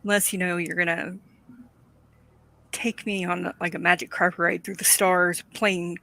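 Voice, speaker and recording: A woman in a casual chat, telling expressive stories and laughing at them. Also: fairly low pitch, vocal fry. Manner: expressive, quick to laugh at her own stories.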